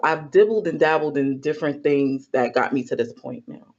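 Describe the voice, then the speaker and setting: A woman guest artist answering interview questions over a remote call in a measured, thoughtful way. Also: low-pitched, darkish tone, dull audio.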